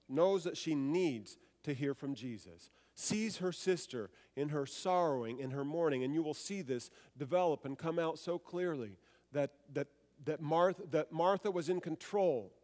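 A man's voice: fairly high pitch, darkish tone, long reverb tail. A man preaching a sermon, reading scripture aloud, then explaining it and putting rhetorical questions to his listeners.

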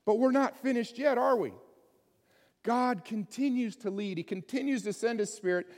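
A man's voice: very high-pitched, normal speed, a little mellow, long reverb tail. A man preaching a sermon in a conversational way, often putting questions to his listeners. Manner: conversational, asks the congregation many questions. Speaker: pastor.

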